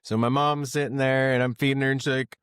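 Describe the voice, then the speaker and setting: A young man in loose, profane podcast banter, laughing through his own stories and jumping in to set the record straight. His voice sits at an ordinary pitch and is recorded close and dry, with no room sound. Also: level tone, fast, fairly bright tone, clean tone, dry recording. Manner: swearing, laughing storyteller who interrupts and corrects. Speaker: guest. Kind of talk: casual podcast chat.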